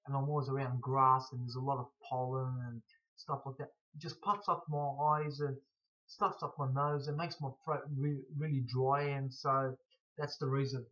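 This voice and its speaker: A man with a blocked nose from hay fever, answering viewer questions in a casual, halting way with stutters and restarts. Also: mid-range voice, little pitch movement, a bit bright. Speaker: scrap collector vlogger. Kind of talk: casual to-camera Q&A. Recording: dull lo-fi recording.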